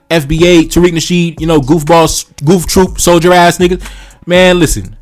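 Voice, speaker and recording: A Haitian man hosting a reaction video, talking bluntly and profanely, often calling his listeners "bro" and "man". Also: fairly high pitch. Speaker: channel host reacting to tweets. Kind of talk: reaction commentary.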